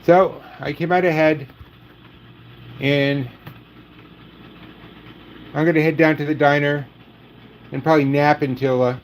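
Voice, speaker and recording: A man hosting a casual livestream, joking in a dry, deadpan way and saying he is losing his voice. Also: on the high side, a little slow, pauses often, slight background noise, low-quality recording. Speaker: livestream host.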